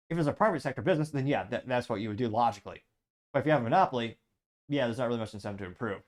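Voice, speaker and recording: A man hosts a casual commentary show at a medium pitch. He reads viewer comments aloud and riffs on them with a dry, sarcastic edge, in a loose, conversational way. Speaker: show host.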